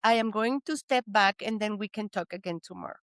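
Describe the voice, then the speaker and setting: A woman, co-hosting a talk show, explaining ideas in a slow, emphatic, motivational way. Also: medium pitch, fairly bright tone, no echo. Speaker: podcast co-host.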